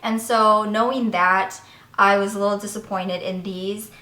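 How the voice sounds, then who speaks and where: A woman's voice: medium pitch, steady tone, unhurried, pushed and bright. Chatty woman reviewing makeup, echoey room. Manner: chatty, candid, explaining step by step. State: voice cracking slightly. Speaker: beauty vlogger. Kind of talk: product review and makeup demo.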